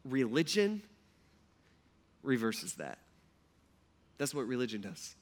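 A man preaching a sermon to his congregation, animated and joking, often acting out the people he describes. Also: medium pitch, takes it slowly. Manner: animated, joking, acts out voices. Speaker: pastor.

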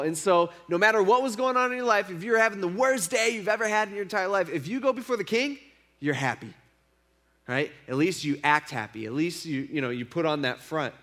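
A man's voice: high-pitched, pushed and bright. A young man giving a casual sermon, retelling a story in a conversational way with lots of fillers. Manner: conversational, filler-heavy storytelling with acted quotes. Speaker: preacher.

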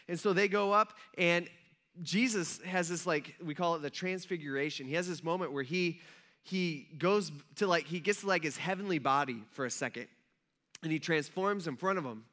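A male pastor in his thirties preaching a relaxed, conversational sermon. He tells stories with animation and fills his speech with casual fillers. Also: a little high, normal speed. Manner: animated storyteller, acts out quotes, many fillers like "like".

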